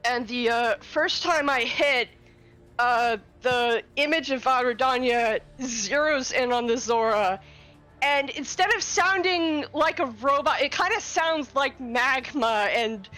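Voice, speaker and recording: A woman player with a slightly high voice who talks at a slow, easy pace. She counts her dice rolls out loud and breaks into laughter often, with faint music playing in the background. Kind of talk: playing a tabletop game.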